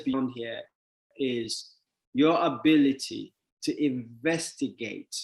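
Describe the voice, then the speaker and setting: A man giving a motivational talk to an audience, telling a story with emphatic, rising delivery that builds to near-shouts. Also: mid-range voice, slow pace, gravelly, roomy sound. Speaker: motivational speaker.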